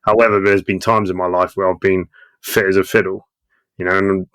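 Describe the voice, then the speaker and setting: A man's voice: deep voice, little pitch movement, fairly quick, a bit bright, clean tone, no room sound. A man who is a combat veteran, talking as a podcast guest in blunt, sweary casual chat.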